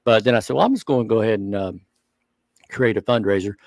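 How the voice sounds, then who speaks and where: A man co-hosting a hobby talk show, speaking earnestly and thinking out loud in casual chat. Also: fairly low pitch, fast, dry recording. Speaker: show co-host.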